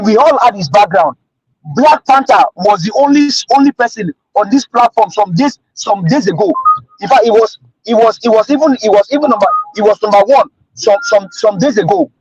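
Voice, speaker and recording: A Nigerian man calls into a livestream in a high, husky voice. He keeps repeating and restarting his words. The call sounds dull and dry. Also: lively intonation, moderate pace, no echo. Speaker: caller.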